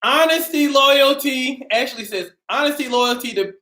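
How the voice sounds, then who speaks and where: Upbeat woman chatting slow on a live stream, roomy echoey sound. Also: high voice. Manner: upbeat, greets viewers by name, calls out loudly. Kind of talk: casual live-stream chat with viewers. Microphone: camera mic. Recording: roomy echo.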